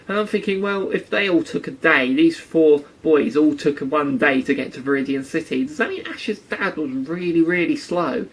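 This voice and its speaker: Sarcastic guy nitpicking a cartoon, casual, a bit high-pitched. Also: normal speed, hardly any pauses, a bit bright, poor audio. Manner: sarcastic, acts out quotes in silly voices. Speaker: anime reviewer. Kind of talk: casual commentary.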